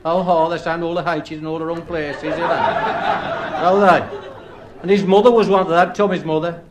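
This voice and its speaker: Black Country comedian, slightly high voice. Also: male voice, flat delivery, normal speed, a loud crowd, very noisy. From Black Country, England. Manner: rhyming dialect recitation; chatty storytelling. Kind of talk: stand-up recitation and anecdote.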